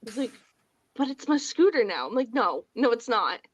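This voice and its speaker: A woman's voice: fairly high pitch, very animated, moderate pace, no room sound, rough recording. A woman in her forties co-hosting a podcast, blunt and swearing freely as she acts out family arguments. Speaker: podcast co-host. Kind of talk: casual chat.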